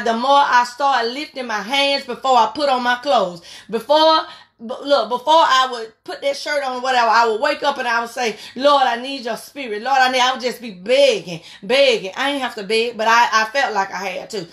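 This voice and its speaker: A woman's voice: on the high side, normal speed, fairly bright tone. A woman preacher giving an impassioned sermon, repeating her phrases and urging her listeners on. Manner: repetitive, exhorting, fervent. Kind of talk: impassioned sermon on a prayer line.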